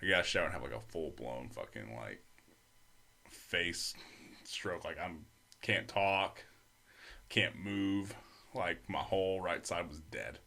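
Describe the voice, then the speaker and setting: A young man with a very low voice tells a long story as a podcast guest. He talks loosely and profanely, with many fillers. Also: slow pace, gravelly, pauses often, pushed and bright. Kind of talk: casual storytelling.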